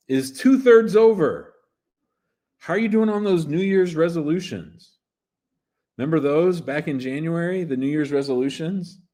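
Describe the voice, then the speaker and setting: A man's voice: on the high side, a little mellow. A man in his fifties, an immigration lawyer hosting a casual livestream show, talking in a playful, chatty way that jumps between topics.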